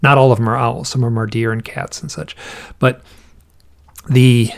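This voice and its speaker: A man's voice: medium pitch, little pitch movement, normal speed. A man talking as an interview guest, thinking aloud and telling stories in a casual, musing way. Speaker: interview guest, researcher of alien encounter accounts.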